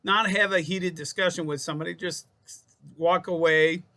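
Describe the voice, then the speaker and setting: Bright-voiced man giving self-help advice. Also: high voice, fairly even intonation, moderate pace. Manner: rambling, repeats and restarts phrases, addresses viewers as folks. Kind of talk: casual self-help talk to camera.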